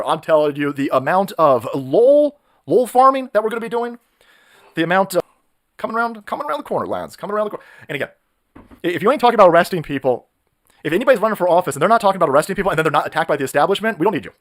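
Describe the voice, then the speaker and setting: Brief: male streamer, high voice, rapid-fire profane rant, mocking. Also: animated. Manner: profane, mocking, shouting rants with mimicked voices. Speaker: live stream host. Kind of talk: ranting political live stream.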